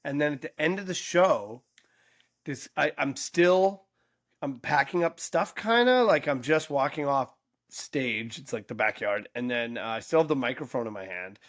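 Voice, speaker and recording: Animated man in his forties telling stories. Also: medium pitch, normal speed, no room sound, studio quality. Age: 40s. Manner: animated storyteller, acts out quoted voices. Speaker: podcast co-host. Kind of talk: casual storytelling chat.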